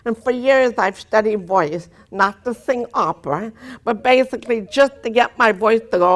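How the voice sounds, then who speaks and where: A woman's voice: a little high, moderate pace. Woman with a distinctive deaf speech pattern. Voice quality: distinctive deaf speech with unusual vowels and articulation. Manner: earnest storytelling with dry humor. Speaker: speaker giving a personal testimony. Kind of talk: testimony talk to an audience.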